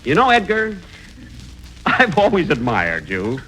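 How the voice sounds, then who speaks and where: Man, radio comedy host, 1940s broadcast, lively swinging pitch, crisp bright tone, faint hiss. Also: takes it slowly, long pauses, poor audio.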